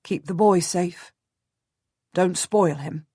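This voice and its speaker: A woman's voice: fairly low pitch, takes it slowly, warm tone, slightly rough, no echo. A woman reading the lines of a stern adult male knight and commander in an audiobook, clipped and formal. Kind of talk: audiobook narration.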